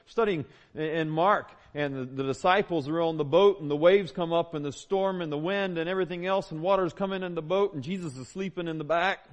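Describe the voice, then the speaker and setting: A man's voice: fairly high pitch, a little fast, hardly any pauses. A man, preaching a sermon as a pastor, conversational and emphatic with repeated phrases. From Southern United States. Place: church.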